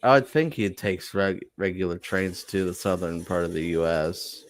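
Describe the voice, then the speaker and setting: A man's voice: deep voice, normal speed, no room sound. A young man chatting casually on a stream in a jokey way. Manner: jokey, laughs a lot. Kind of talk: casual chat.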